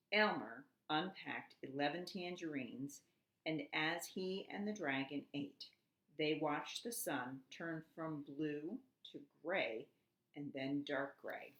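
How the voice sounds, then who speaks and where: Slow, bright-voiced woman reading a story. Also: sits low. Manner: slow and expressive. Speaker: preschool teacher. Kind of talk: reading a storybook aloud to children. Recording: echoey room.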